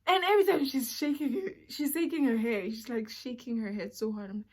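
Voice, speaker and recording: A young woman with a South African accent telling a personal story in a casual, animated way, sometimes dropping to a whisper. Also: a little high, fairly quick. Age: young adult. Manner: animated, drops to a whisper for asides. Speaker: vlogger.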